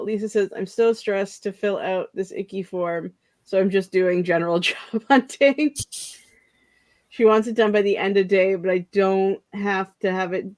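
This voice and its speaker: A woman's voice: medium pitch, no echo. A young woman hosting a casual productivity stream, chatting in a rambling way and laughing often, sounding drowsy. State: yawning, drowsy. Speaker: streamer host. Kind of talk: casual chat.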